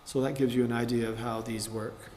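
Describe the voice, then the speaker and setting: A man teaching psalm chanting in a measured spoken tutorial, breaking off now and then to sing short demonstration phrases. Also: mid-range voice, level tone, darkish tone, a little hiss or hum. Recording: roomy space with long reverb.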